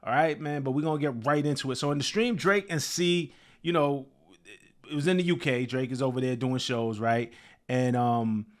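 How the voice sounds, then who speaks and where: A man's voice: mid-range voice, fairly even intonation, normal speed. A man hosting his own show, giving casual commentary on a new music release, talking loosely with many fillers and restarts. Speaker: host.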